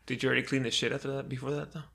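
A man's voice: medium pitch, little pitch movement, rapid-fire, gravelly, bright, forceful tone. A young man co-hosting a podcast in casual chat, teasing and asking blunt questions. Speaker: podcast co-host.

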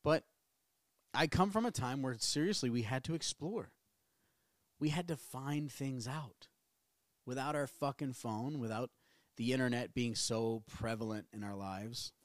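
A man's voice: mid-range voice, unhurried, no echo. A man in his thirties hosting a solo podcast from his small home studio, rambling and swearing casually with self-mocking jokes. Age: 30s. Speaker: podcast host.

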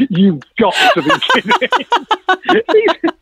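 A man's voice: very high voice, slow pace, heavy background noise. A man telling a long story in a chat, acting out the dialogue he quotes. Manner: lively, acts out quoted dialogue, laughs often. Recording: tinny phone-like line, dry.

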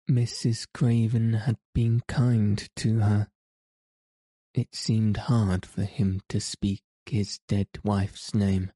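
Slow, deep-voiced male audiobook narrator. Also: no room sound. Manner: measured, even storytelling. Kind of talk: scripted narration.

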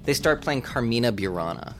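A man from Boston, a radio reporter, telling a long anecdote in a casual, lively way and acting out other people's lines in a higher voice. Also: fairly quick, music in the background. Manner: animated, acts out quoted voices in falsetto. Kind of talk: storytelling anecdote.

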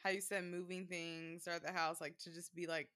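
A young woman co-hosting a casual chat, easygoing and quick to laugh. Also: on the low side, level tone, a bit bright. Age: young adult. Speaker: podcast co-host.

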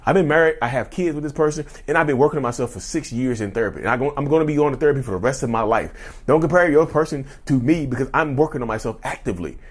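Husky Southern man ranting to camera. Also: medium pitch, rapid-fire. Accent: Southern US drawl. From North Carolina, US. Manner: emphatic, blunt, profane, repeatedly addresses viewers as y'all. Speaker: YouTube channel host. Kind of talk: unscripted rant to camera.

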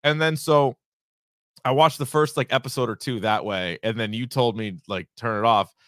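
A man's voice: mid-range voice, moderate pace, no room sound, studio quality. A man in his thirties co-hosting a podcast, chatting casually, swearing freely and telling stories with energy. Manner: swears freely, animated storytelling. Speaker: podcast co-host. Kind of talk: casual chat.

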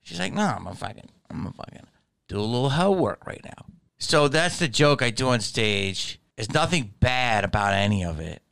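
A middle-aged man doing a casual comedic monologue, profane and animated, slipping into put-on voices. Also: mid-range voice, clear, resonant tone, no echo, clean studio sound.

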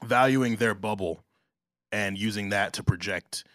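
A man from New Jersey talks casually on a podcast in a lowish voice. He loops through fillers and self-corrections as he works out his point. The sound is dry and close to the mic. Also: unhurried, fairly bright tone, dry recording. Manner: conversational, filler-heavy with restarts. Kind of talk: casual chat.

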